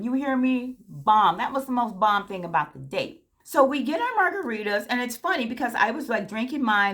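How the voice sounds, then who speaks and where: A woman's voice: fairly high pitch, fairly bright tone. Chatty woman telling a date story. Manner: chatty, addresses viewers directly; frank and candid. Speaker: vlogger. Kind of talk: casual storytelling to viewers.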